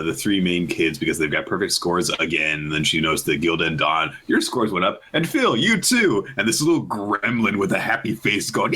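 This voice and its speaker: A man co-hosting a casual podcast, recapping manga chapters and acting out characters' lines. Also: poor audio. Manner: animated, acts out characters' lines in high voices. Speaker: podcast co-host.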